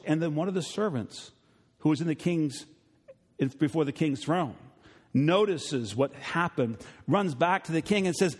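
A middle-aged man preaches to his congregation with a somewhat high voice. He swings between emphatic, raised passages and hushed, low ones, and puts on voices as he retells a story. His words ring with the long reverb of a church sanctuary. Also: brisk. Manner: preaching to a congregation, rising emphatically then dropping low and quiet; acts out voices in retold stories. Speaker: pastor. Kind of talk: sermon.

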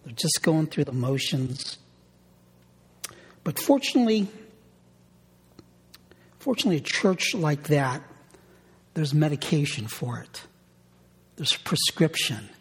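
A man's voice: a little high, husky. A middle-aged man preaching a sermon, telling a homey story in an earnest way and often repeating his words as he goes. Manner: earnest storytelling with frequent word repetitions. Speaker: pastor. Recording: long hall reverb.

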